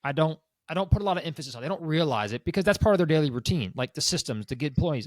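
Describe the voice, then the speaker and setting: A man's voice: fairly high pitch, very fast, no room sound. A man co-hosting a business podcast as a broker, chatting casually and acting out what clients say. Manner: animated, acts out clients' quotes.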